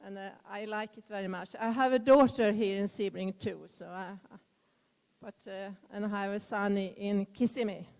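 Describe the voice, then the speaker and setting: A woman's voice: mid-range voice, fairly even intonation, moderate pace, creaky, a little mellow, clear, resonant tone. A Swedish woman with a Swedish accent, carefully introducing herself at a community meeting with some fillers. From Sweden. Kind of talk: self-introduction. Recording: echoey community hall.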